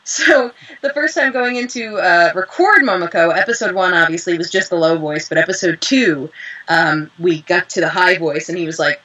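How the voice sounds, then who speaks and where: A young woman, a voice actress, chatting in an interview and telling lively stories with acted-out quotes. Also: fairly low pitch, normal speed, muffled recording. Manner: animated storyteller, acts out quotes. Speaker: voice actress guest. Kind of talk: casual interview chat.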